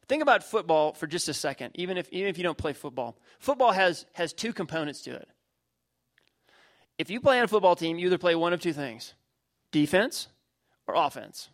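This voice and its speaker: A middle-aged man preaches with a voice pitched a little high. He drives points home by repeating short phrases and leaning on homely illustrations. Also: a bit bright. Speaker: pastor. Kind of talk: sermon.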